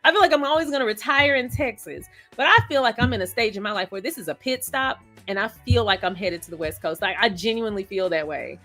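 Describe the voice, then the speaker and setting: Bright-voiced woman chatting with a live stream. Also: medium pitch, fast talker, few pauses, faint music behind. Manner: chatty, laughs often, greets viewers by name. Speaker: host of a live stream discussion. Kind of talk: casual live chat reading viewer comments.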